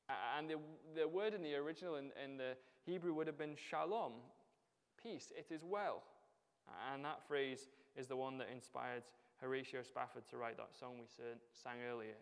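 A man's voice: medium pitch, clean tone. A man preaching a sermon in a church, talking conversationally and asking his listeners rhetorical questions. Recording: long hall reverb.

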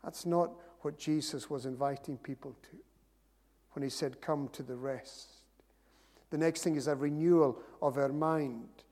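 A man's voice: fairly high pitch, fairly even intonation, a little slow, dark tone. A man preaching a sermon, earnest and rising to emphatic repeated phrases. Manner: earnest, builds to emphatic repetition. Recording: long hall reverb.

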